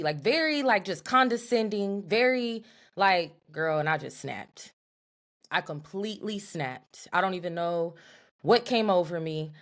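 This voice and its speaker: A young woman co-hosting a podcast, telling an animated, profane story in a casual chat. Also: lowish voice. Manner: animated, profane, talks to her co-host as "girl". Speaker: podcast co-host.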